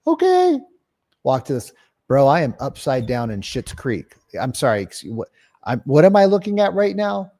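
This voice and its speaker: A man giving an energetic real estate sales training talk, acting out calls and clients and swearing casually. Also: medium pitch, moderate pace.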